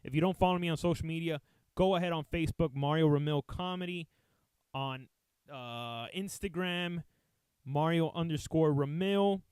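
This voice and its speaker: A man's voice: fairly high pitch, moderate pace, darkish tone, smooth, no echo. A man, a comedian, telling a rambling, profane story casually to his live chat. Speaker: comedian and streamer.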